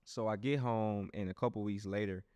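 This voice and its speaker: A young man with a low voice tells his own story as a podcast host. His delivery is animated and loose, full of restarts, and he keeps turning to his listeners. The recording sounds close and dry, with no room around it. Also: normal speed, clean tone, no echo. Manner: animated storyteller who talks straight to listeners; loose and conversational, with frequent restarts. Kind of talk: personal testimony monologue.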